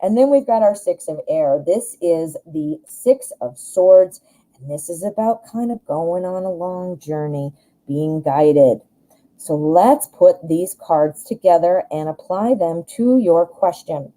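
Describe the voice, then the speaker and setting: A woman's voice: on the low side, expressive, slow pace, mellow, rough recording. A woman with a Midwestern American accent hosting a live tarot reading, chatting casually and rambling enthusiastically with frequent restarts. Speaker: tarot reader, live show host.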